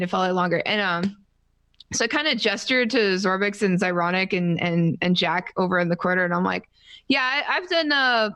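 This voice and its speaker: A woman's voice: lowish voice, fairly bright tone, no echo. A young woman from Canada, co-hosting a podcast, telling a story in casual chat with self-deprecating asides and acted-out quotes. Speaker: podcast co-host.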